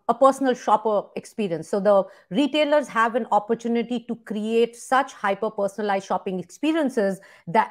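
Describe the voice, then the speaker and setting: A woman hosting a podcast interview, asking long, winding questions. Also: fairly high pitch. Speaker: podcast host.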